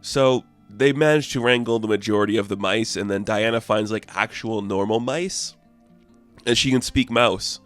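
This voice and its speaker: A man's voice: fairly low pitch, normal speed, faint music behind. A man giving a casual, rambling comic book review, full of fillers and amused asides.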